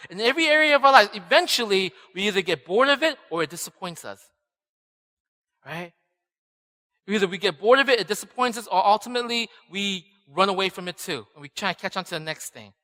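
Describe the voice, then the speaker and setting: A man in his thirties gives a chatty, story-driven sermon, forever tossing "right?" to the congregation. His voice is fairly high and bright, and it rings with long reverb through a church hall. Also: expressive, a little fast. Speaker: pastor. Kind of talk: conversational sermon.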